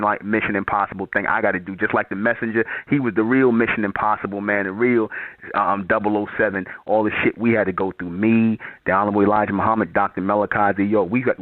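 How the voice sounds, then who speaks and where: A man's voice: on the low side, dry recording. A man hosting a call-in show, blunt and profane, repeating his points as he lectures a caller. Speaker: channel host taking calls. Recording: tinny phone-like sound.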